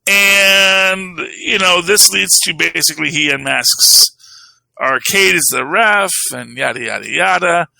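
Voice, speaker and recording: A man's voice: sits high, takes it slowly, gravelly, bright, forceful tone, no echo, poor audio. A man co-hosting a podcast, talking comics in a rambling, casual way full of "you know" and "um". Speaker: podcast co-host. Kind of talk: casual chat about comics.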